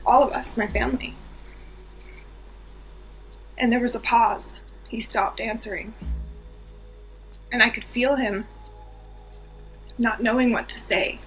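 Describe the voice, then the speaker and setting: A woman's voice: a little high, fairly even intonation, slow pace, pauses often, faint music behind. A woman from the US East Coast, a podcast guest, telling a personal story earnestly and with feeling, repeating phrases for emphasis.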